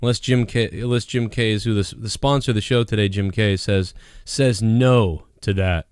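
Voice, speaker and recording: A man hosts a live stream in loose, rambling chat, with a smooth, resonant voice pitched a little low. He laughs often and says things twice, and the sound is dry and close. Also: steady tone, moderate pace, darkish tone, no echo. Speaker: host of a live call-in show.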